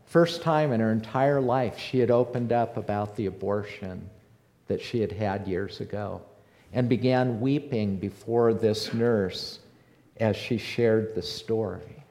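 A male pastor preaches in a slow, unhurried cadence, leaning on repeated lines for emphasis. His voice rings out with a long reverb tail from a large hall. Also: fairly low pitch, a little mellow. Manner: preaching with rising fervor, repeating phrases. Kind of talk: sermon.

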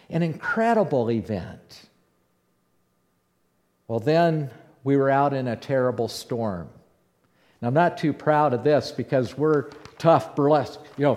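A man playing the apostle Peter in a first-person dramatic monologue, telling his story in an animated way that swings between hushed and loud. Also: on the high side. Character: the apostle Peter, bold outspoken fisherman. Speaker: preacher in character.

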